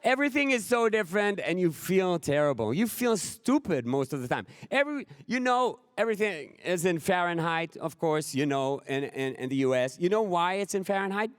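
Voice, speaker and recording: A middle-aged man from Israel with an Israeli accent, a Hebrew speaker doing an animated stand-up speech at a conference, acting out scenes with exasperated outbursts. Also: high-pitched, moderate pace, few pauses, smooth, no room sound, clean studio sound.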